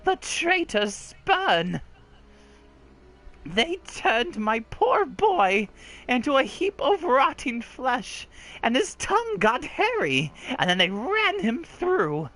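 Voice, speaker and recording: A woman's voice: high voice, very animated, takes it slowly, a bit bright, full character voice. Woman doing a bitter old village mother, raised crone voice, rustic dialect, lines read aloud from a game. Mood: grim. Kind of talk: reading game dialogue aloud in character.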